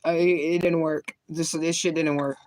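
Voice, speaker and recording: A woman's voice: low-pitched, little pitch movement, moderate pace, a little mellow, no echo. A woman chatting casually on her livestream, rambling and cursing, laughing often as she smokes between thoughts. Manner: talks while lighting and smoking. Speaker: spiritual reader on a livestream.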